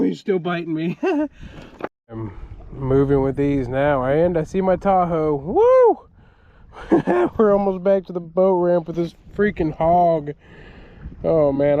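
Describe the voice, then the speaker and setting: Excitable man on a river. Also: fairly high pitch, slow, gravelly, dull audio, a little hiss or hum. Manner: excitable, exclaims and laughs a lot. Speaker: fishing vlogger. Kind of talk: excited outdoor vlog commentary. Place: outdoors in a kayak on a river at night. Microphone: action camera.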